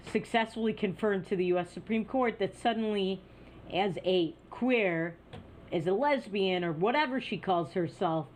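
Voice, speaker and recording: A woman's voice: mid-range voice, a little hiss or hum. A woman hosting an opinion news show, talking in a scornful, sarcastic way. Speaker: news commentary host. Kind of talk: opinion commentary.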